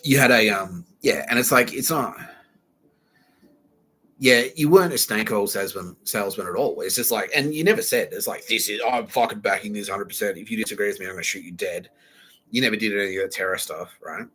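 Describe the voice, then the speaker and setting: A man's voice: lowish voice, a little fast, sharp tone, husky. A young man hosts a rambling solo podcast, talking casually, with a lot of slang and swearing. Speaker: podcast host.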